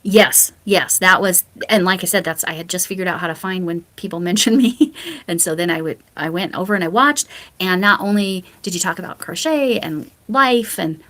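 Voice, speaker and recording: A woman speaking as a guest on a relaxed online interview. Her voice sits a little low, and she talks in a friendly, chatty way, often laughing between points. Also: normal speed. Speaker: interview guest, fellow creator. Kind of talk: casual video interview chat.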